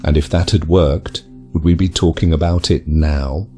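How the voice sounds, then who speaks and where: A man's voice: a bass voice, fairly even intonation, moderate pace, dark tone, soft background music. A man voicing a lonely male trash goblin creature, telling his story in a bitter, confessional way. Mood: rueful. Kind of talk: dramatized video narration.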